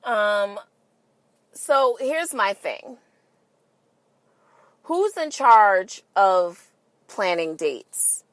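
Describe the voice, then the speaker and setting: A woman's voice: medium pitch, lively intonation, extremely slow, long pauses, dry recording. A woman hosting a podcast in a casual monologue, emphatic and swearing freely, firing rhetorical questions at listeners. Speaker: podcast host.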